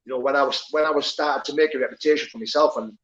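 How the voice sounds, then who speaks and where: A man's voice: medium pitch, very fast, a bit bright, lo-fi sound. A man, candidly telling his life story as an interview guest, swearing and rambling with many fillers. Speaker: guest, former prisoner turned pro fighter.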